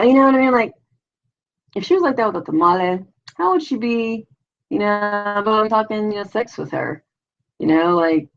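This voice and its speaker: A middle-aged live-stream host speaks in a lowish, creaky voice. She rambles casually in slang, dropping fillers and swear words, and the audio sounds dull and lo-fi.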